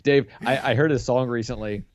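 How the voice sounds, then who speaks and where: A man's voice: mid-range voice, fairly even intonation, brisk. A man co-hosting a casual podcast, running a quiz with a teasing, amused manner. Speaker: podcast co-host, quiz master. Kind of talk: casual chat.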